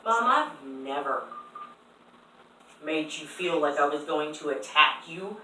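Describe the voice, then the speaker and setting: A young woman pleads with her mother in an emotional phone argument, her voice upset and close to tears. Her tone is bright and sharp. She sits far from the mic in a very echoey room with a faint hiss behind her. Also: low voice, animated, slow. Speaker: daughter arguing with her mother.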